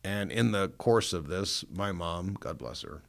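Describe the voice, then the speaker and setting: A man's voice: deep voice, animated, a little slow, gravelly. A middle-aged man from Northern Illinois, a pastor telling his life story in a studio interview, earnest and self-mocking as he tells it. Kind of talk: personal testimony in an interview. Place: recording studio.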